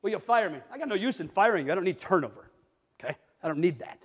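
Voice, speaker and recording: A middle-aged man giving an energetic conference talk to a live audience, blunt and jokey, sometimes rising almost to a shout. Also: high voice, quick pace, breathy edge, dull audio. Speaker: conference speaker. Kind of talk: energetic keynote presentation. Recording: reverberant hall.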